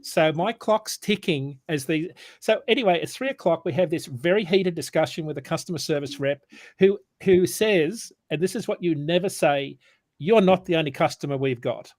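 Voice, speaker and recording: A fairly high-voiced man tells a long story in casual chat on a sales morning show. He is animated, acts out the dialogue and stumbles and restarts often. The sound is dry and close. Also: normal speed, dry recording.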